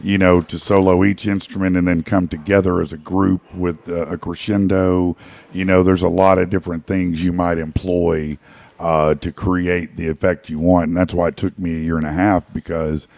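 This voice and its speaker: A man's voice: deep voice, little pitch movement, normal speed, darkish tone, dry recording. A man chatting as a guest musician, rambling with many fillers and restarts. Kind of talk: casual interview chat.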